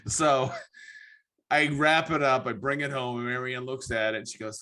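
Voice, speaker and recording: A man with a bright, forceful voice tells a workshop mishap in loose, casual podcast chat. He swears freely and acts out his own reactions as he goes, with his pitch sitting in the middle of the range. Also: fairly even intonation, moderate pace. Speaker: podcast host.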